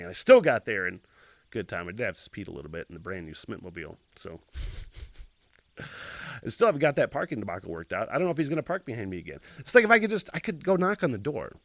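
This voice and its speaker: Male podcast host telling a story. Swears a lot, with a bouncy, expressive delivery and a dry, close sound. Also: medium pitch, no echo. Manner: profane, expressive retelling with loud sound effects.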